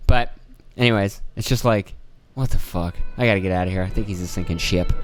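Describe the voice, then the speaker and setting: A man's voice: low voice, brisk, faint music behind. A young man hosting a solo podcast, ranting and swearing, acting out other people's lines in mocking voices. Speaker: podcast host.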